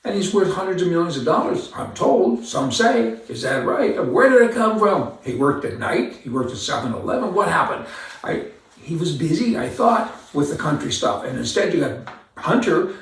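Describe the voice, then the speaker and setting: A man with a gravelly, slightly high voice delivers a rambling, indignant commentary in a folksy manner. He sounds some way from the mic in a very echoey room. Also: sing-song, normal speed, far from the mic. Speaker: commentary host. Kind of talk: opinion commentary monologue.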